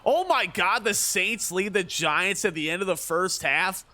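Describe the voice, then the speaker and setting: Excitable joking male game streamer. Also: high voice, unhurried. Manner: joking, excitable, ribbing his chat. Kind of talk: casual livestream gaming commentary.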